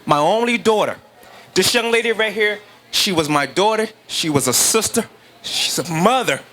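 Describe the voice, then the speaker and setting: High bright-voiced emotional father. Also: expressive, moderate pace. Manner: earnest, emphatic, repeats phrases. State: emotional, near tears. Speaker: guest, grieving father. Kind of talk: emotional testimony.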